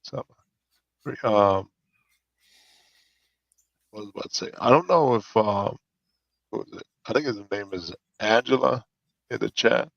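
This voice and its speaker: A man's voice: on the low side, unhurried, vocal fry, pauses often, dry recording, highs cut off. A man with a Midwestern accent chatting casually, rambling with giggles and frequent restarts. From United States. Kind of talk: casual chat.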